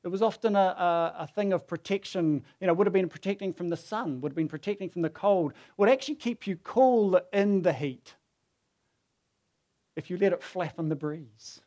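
A man's voice: high-pitched, normal speed, dark tone. A man preaching a sermon who tells the story casually and acts out the quoted voices.

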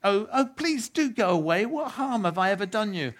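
A man voicing a frightened, self-pitying boy lost in the dark, in a high and anxious pleading tone. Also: sing-song, normal speed.

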